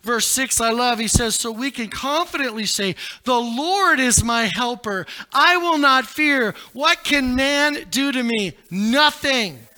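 A male pastor preaching a sermon in a dramatic way, rising to shouts and dropping low. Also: measured pace, few pauses.

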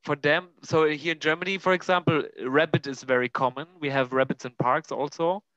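Man in casual chat, smooth and clear voice, a bit high, profane and easygoing. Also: steady tone, fairly quick, fairly bright tone, dry recording. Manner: casual, profane, laughing asides. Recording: dull, muffled sound.

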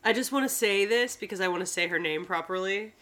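A woman in her thirties co-hosting a casual podcast chat, emphatic and quick to swear. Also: mid-range voice, fairly bright tone. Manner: emphatic, profane, often laughing. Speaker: podcast co-host.

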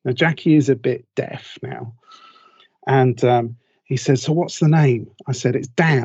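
A man's voice: mid-range voice, normal speed, mellow, breathy edge, dry recording, highs cut off. A man co-hosting a podcast who tells an anecdote with plenty of ums and acts out the lines of the people in it. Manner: storyteller who acts out quotes, many ums. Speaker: podcast co-host. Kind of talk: casual chat, anecdote.

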